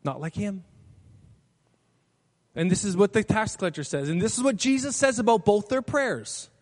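A man preaches a sermon and acts out the characters in his stories with lively voices. His voice sits high. It rings through a large hall with a long echo. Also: a little fast. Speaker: pastor. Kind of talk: sermon with storytelling.

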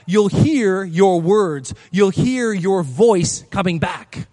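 A pastor preaching a sermon to a congregation, emphatic, repeating phrases and asking the crowd questions. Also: male voice, high voice. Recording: long hall reverb.

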